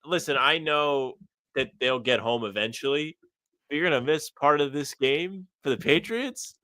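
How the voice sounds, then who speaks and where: Young guy on a sports pod, bright tone, dry close sound, jokey and animated. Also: fairly high pitch, moderate pace, no room sound. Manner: joking, animated banter. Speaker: podcast co-host. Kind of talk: casual sports podcast chat.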